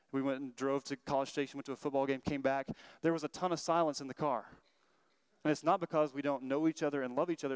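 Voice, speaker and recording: A man in his thirties preaches in a quick, earnest, conversational way. His voice sounds smooth and clear, and it is recorded close and dry with no room sound. He keeps stumbling into restarts as he tells his stories. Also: on the high side, dry recording. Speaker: pastor. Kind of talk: sermon.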